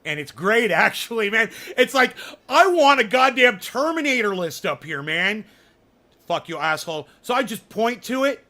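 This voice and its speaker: A man with a high, bright voice hosts a casual livestream chat. He rambles and swears freely, and his sarcastic asides spill out in loose, restarted sentences. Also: sing-song, moderate pace. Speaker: livestream host.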